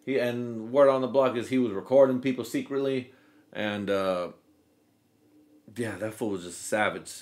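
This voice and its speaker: A man's voice: medium pitch, moderate pace, darkish tone. Comedy podcast host, male, loose and profane, rambles and does goofy quote voices.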